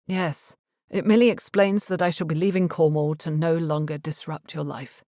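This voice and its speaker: Woman narrator doing a brooding young gentleman, low-key, dry close mic. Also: steady tone, moderate pace, no echo, lightly acted. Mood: anguished. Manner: tense, self-reproaching.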